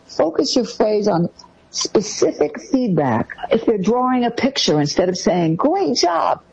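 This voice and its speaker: A woman co-hosting a talk show, giving parenting advice in a casual, lively way and voicing quoted parents as she goes. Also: a little slow, muffled recording, a little hiss or hum. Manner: lively, acts out quoted parent lines in a higher voice.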